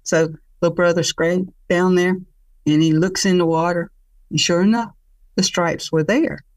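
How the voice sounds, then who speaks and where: Woman telling an old story out loud, expressive, laughs along, mic kinda far, dry sound. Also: on the low side, normal speed, no room sound. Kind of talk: traditional oral storytelling.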